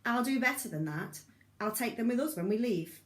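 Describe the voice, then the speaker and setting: A woman's voice: a little high, lively intonation, moderate pace, voice pushed up, close to an everyday voice. A woman reading the part of a fierce, scarred woman who leads a band of outcasts, speaking coldly and with scorn, in a roomy recording. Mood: scornful, commanding. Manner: cold, commanding, scornful. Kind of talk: audiobook reading.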